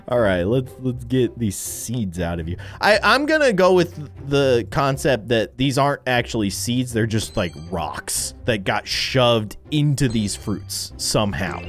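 Goofy American man with lively pitch jumps. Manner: goofy, rambling, jumps from mumbled asides to excited squeals. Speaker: gaming YouTuber. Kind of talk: comedic gameplay commentary.

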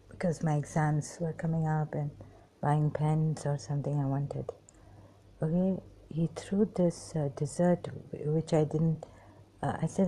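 A woman recounting memories in a halting personal monologue, pausing often, apologizing and trailing off. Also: low voice, warm tone, a little hiss or hum. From Pakistan. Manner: hesitant, many pauses and apologies, trails off.

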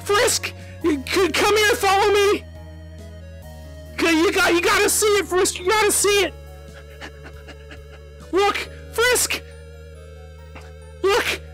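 A man's voice: very high-pitched, slow pace, pauses often, faint music behind, exaggerated voice, low-quality recording. Monster Kid, as a man puts on a kid voice. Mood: starstruck. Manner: breathless, gushing, stammering with excitement. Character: excitable young male monster kid fan. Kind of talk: voice chat role-play in a social VR game.

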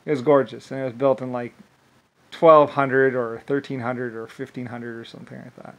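A man's voice: medium pitch, little pitch movement, moderate pace, low-quality recording. A man talking in a rambling monologue, restarting phrases often and breaking into laughter.

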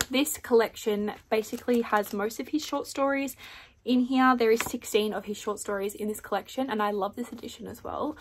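Chatty woman, slightly high voice. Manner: chatty, candid, peppered with "like" and "I don't know". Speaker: book vlogger. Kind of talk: casual reading vlog chat.

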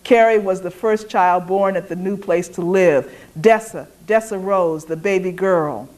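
A woman's voice: lowish voice, measured pace, darkish tone, lightly acted. A woman voicing a fierce, defiant young enslaved woman who taunts and grieves in dialect. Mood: grieving.

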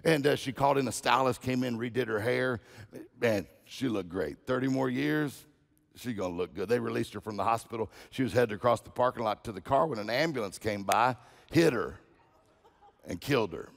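A man's voice: mid-range voice, fairly quick, creaky, big-room sound. A man preaching as a guest speaker, telling folksy humorous stories and often repeating words. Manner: storytelling, folksy, repeats himself.

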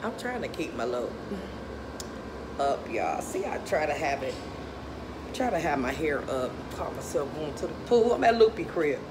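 A woman's voice: low-pitched, sing-song, normal speed, heavy background noise. A woman, vlogging casually in a chatty, dramatic, self-mocking way, out of breath. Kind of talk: casual vlog talking to viewers. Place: outdoors by a pool.

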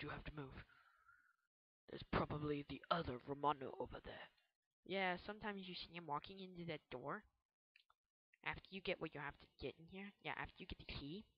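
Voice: no echo, dull audio. Jumpy, chatty let's play gamer. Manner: jumpy, yelps high when startled; chatty, rambling asides to viewers. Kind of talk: casual gameplay commentary.

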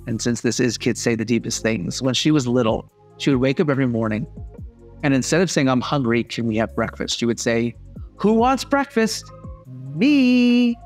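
Earnest dad podcaster, mid-pitched voice, measured lesson talk, faint music behind. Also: male voice. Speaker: podcast host and father. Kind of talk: reflective spoken lesson.

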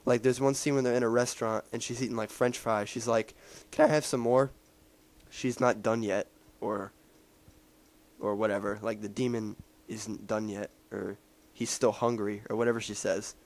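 A man's voice: fairly low pitch, level tone, normal speed. A man casually recapping a movie he just saw, rambling with many fillers and restarts. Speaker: movie reviewer.

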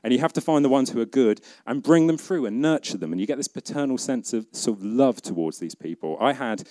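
A man's voice: medium pitch, expressive, fairly quick, a little mellow. Chatty British man giving a jokey talk. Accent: British English. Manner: chatty and jokey, acting out imagined dialogue. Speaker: conference speaker. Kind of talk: humorous live talk. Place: conference event.

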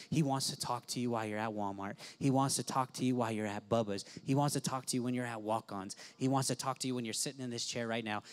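A young man preaching at a church service, retelling a story with lots of energy. He jumps from loud, excited exclaims down to hushed whispers. His voice sits in a middle pitch. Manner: animated, swings from loud exclaims to soft whispers. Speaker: pastor. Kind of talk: sermon storytelling.

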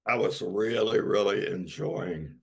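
A male pastor delivering a sermon, slow and emphatic, leaning on dramatic repetition. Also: lowish voice, vocal fry, breathy edge.

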